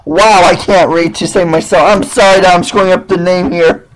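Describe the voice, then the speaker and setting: A man from Wisconsin hosting a casual live internet radio show, excitable and stumbling over guests' names. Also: high-pitched, moderate pace, poor audio. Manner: addresses audience as ladies and gentlemen.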